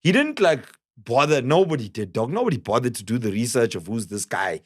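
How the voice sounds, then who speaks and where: A man's voice: medium pitch, animated, a little fast, breathy edge. A man from South Africa telling a radio story in a casual podcast chat, slangy and swearing freely. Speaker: podcast host.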